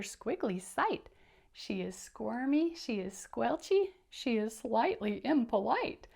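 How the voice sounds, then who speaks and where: A woman's voice: a little high, creaky, a little mellow. A woman teacher reading a picture book aloud to young children, laughing and stopping to explain words.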